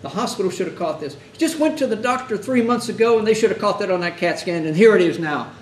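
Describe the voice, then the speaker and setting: A man with a high, expressive voice speaks quickly as he gives hospital chaplains a conversational lecture, frequently acting out conversations with grieving families. He's a chaplain instructor, recorded in an echoey room with a distant mic and faint hiss.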